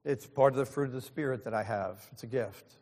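A man's voice: medium pitch, a little fast, darkish tone. Man in his sixties preaching in a reverberant hall. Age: 60s. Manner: earnest preaching with self-deprecating asides. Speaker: pastor. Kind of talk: sermon.

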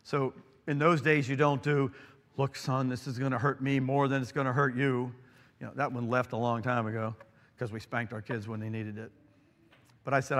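A middle-aged man preaching a sermon, earnest and emphatic, dropping to a hushed tone when telling a family story. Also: medium pitch, little pitch movement, normal speed. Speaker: pastor. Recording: long hall reverb.

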